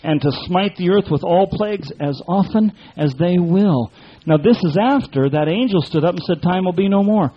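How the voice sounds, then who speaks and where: A man's voice: high-pitched, expressive, normal speed, slight background noise. A man preaching a sermon in a fiery, folksy way, full of colloquial speech. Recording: dull lo-fi recording.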